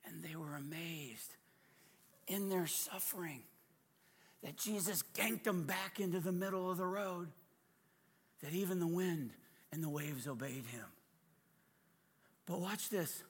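Guest preacher, male, high and bright voice, unhurried sermon delivery with big dynamic swings. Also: breathy edge. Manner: dramatic, swings from hushed asides to shouting; humorous, conversational storytelling.

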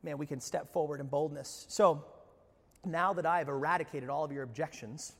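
High-voiced animated man preaching a sermon. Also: moderate pace, gravelly. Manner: animated, acts out quotes, rhetorical questions. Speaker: pastor. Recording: long hall reverb.

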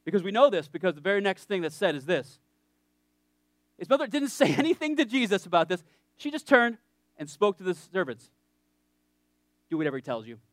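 A man's voice: high-pitched, sing-song, fairly quick, no room sound, studio quality. A man preaching a sermon in a conversational, joking way, often checking in with his listeners.

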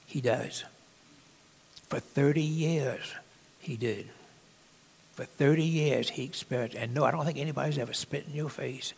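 Male preacher, husky voice, chatty sermon delivery with halting asides, big reverberant hall. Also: mid-range voice.

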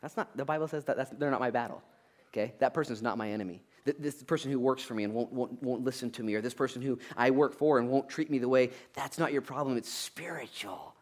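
A man preaching a conversational sermon in an animated, joking way, who drives his points home with a repeated "okay?" and breaks into loud acted-out asides. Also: medium pitch, quick pace. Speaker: pastor.

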